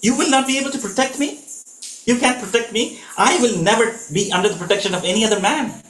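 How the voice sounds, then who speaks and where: A man voicing a devoted young princess wife, indignant and firing off rapid questions. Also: sits high, expressive, a bit bright, pitched above the performer's own voice. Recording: echoey room.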